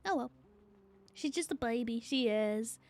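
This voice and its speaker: High-voiced young woman streamer. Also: lively intonation, measured pace, darkish tone. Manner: casual, swears freely, laughs often. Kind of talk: casual gaming stream chat.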